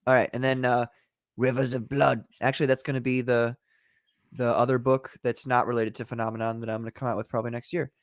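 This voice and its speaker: A man hosting a livestream chat, relaxed and jokey, reading out viewer comments. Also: medium pitch, fast talker, no room sound, studio quality. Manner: laid-back, jokey, reads chat comments. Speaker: podcast host.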